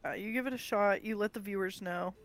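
A young adult woman co-hosting a casual podcast, chatty and quick to laugh, with plenty of fillers. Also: mid-range voice, low-quality recording. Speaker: podcast co-host. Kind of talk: casual chat.

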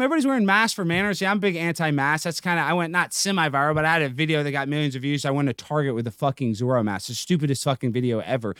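A man as a guest on a podcast, ranting in loud, brash banter and swearing a lot. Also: a little high, very fast, hardly any pauses, smooth, no echo, clean studio sound.

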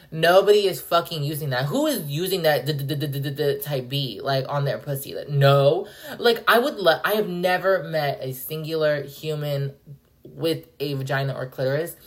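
Low-voiced woman ranting on a podcast. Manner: profane, animated, rambling with frequent "like". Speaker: podcast host. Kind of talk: casual solo podcast rant.

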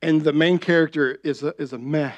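A man's voice: a little high, fairly even intonation, brisk. A young adult man preaching a sermon as pastor, talking conversationally and often asking the congregation "right?".

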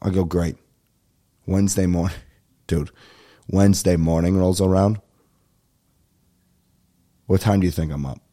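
A young man rants through a comic story on a podcast, swearing freely and slipping into quick impressions of the people he dealt with. His voice sits fairly low and sounds mellow and relaxed rather than sharp. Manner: profane, ranting, acts out phone calls. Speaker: podcast host. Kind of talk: casual comedic storytelling.

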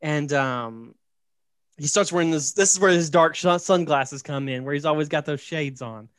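Talkative man with a higher voice. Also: moderate pace, dry recording, studio quality. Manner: animated and joking, full of "right?" and "like". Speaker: podcast host. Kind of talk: casual storytelling chat.

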